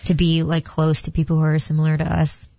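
A woman's voice: low voice, completely flat delivery, fairly quick, creaky, mellow, no echo, lo-fi sound. A woman co-hosting a talk radio show, chiming in with short, matter-of-fact remarks. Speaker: radio co-host. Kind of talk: casual radio chat.

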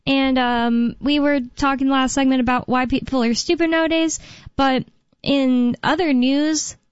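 Young woman hosting talk radio, kinda high voice, rambles with lots of likes and ums, dry dull lo-fi sound. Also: steady tone, no room sound. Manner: rambling, filler-heavy, quick asides. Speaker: radio show host. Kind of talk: casual talk radio chat.

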